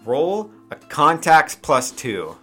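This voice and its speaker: A man's voice: on the high side, very animated, takes it slowly, sharp tone, faint music behind. A man narrating a tabletop game as game master, rambling with many fillers.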